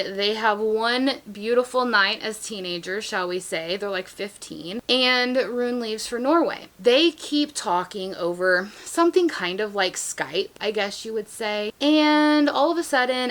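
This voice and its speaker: A woman's voice: mid-range voice, fairly bright tone. A young woman chatting casually as a book vlogger, gushing and laughing often as she reviews her favorite reads.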